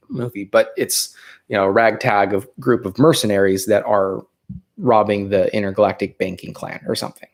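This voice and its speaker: A man's voice: on the low side, darkish tone. Rambling Californian man hosting a livestream. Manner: rambling, thinking aloud with fillers. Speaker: livestream host. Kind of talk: casual livestream chat.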